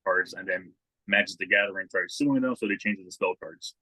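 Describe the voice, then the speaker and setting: Husky laid-back man, casual podcast chat. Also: sits low, a little fast, pushed and bright, dry recording, low-quality recording. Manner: laid-back, swears a lot, acts out quotes in a raised voice. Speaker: podcast co-host.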